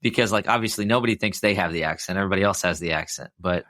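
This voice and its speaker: Deep-voiced Midwestern American podcast host. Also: male voice, racing, fairly bright tone, no room sound, clean studio sound. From Midwest US, Iowa. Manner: chatty, many fillers and restarts, laughs easily. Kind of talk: casual interview chat.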